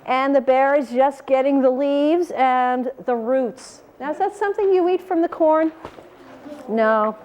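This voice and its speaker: High voiced lady reading a picture book to kids, animated, keeps asking questions. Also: a little slow, muffled recording. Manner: animated, asks the children questions. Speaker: storyteller.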